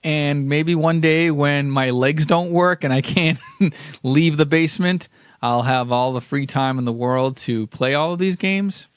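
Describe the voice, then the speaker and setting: A man's voice: on the high side, a little slow, clean tone, no room sound, clean studio sound. A man co-hosting a podcast in casual comedic chat, sarcastic and mocking himself. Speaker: podcast co-host.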